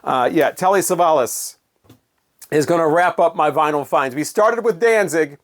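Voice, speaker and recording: A man's voice: fairly high pitch, moderate pace. A man chatting casually about records in his collection, with wry, sarcastic, rambling commentary. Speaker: vinyl record collector vlogger. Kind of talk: casual chat.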